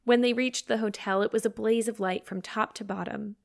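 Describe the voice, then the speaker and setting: A woman narrating a classic novel in a measured, even storytelling manner. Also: medium pitch, creaky. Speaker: audiobook narrator. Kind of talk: scripted narration.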